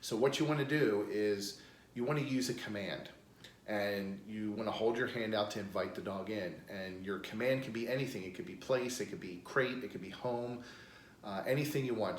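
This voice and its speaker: An American man working as a dog trainer, plainly explaining crate training step by step and breaking into upbeat praise. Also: on the low side. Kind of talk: instructional demonstration. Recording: echoey room with faint noise.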